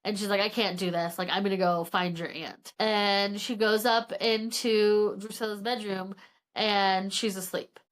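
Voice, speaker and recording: A woman co-hosting a casual book podcast, rambling through the plot with constant fillers. Her pitch sits in the middle range, and her tone is relaxed and conversational as she acts out what the characters said. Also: unhurried. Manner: rambling, heavy filler use, retells dialogue. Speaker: podcast co-host. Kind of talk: casual book recap chat.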